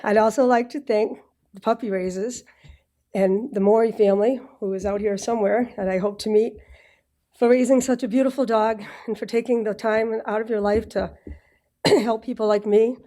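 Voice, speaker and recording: A woman with a Boston accent from Massachusetts giving a prepared speech at a graduation ceremony, a little nervous, clearing her throat now and then and dropping in joking asides. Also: on the high side, fairly even intonation, moderate pace, warm tone. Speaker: graduate speaker. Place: ceremony with live audience.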